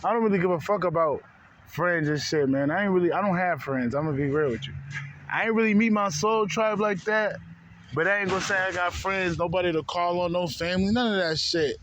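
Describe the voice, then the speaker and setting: A man's voice: high voice, fairly quick, a bit bright, a little hiss or hum. A man ranting to his viewers in a heated, profane, repetitive way, calling them bro again and again. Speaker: spiritual vlogger. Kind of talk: casual rant to camera.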